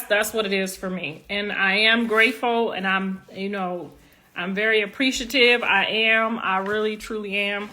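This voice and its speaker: Bright-voiced grandmother rambling to camera. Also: medium pitch. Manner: halting and rambling, full of "you know" restarts; earnest, apologetic yet defensive. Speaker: grandmother addressing viewers. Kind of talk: casual talk to camera.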